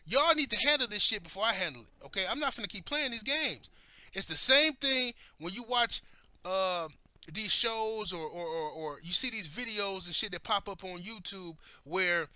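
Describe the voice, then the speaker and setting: A man's voice: high-pitched, sharp tone, no echo. Heated, profane man ranting. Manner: heated, profane, storytelling with quoted voices. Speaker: commentary host. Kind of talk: profane opinion rant.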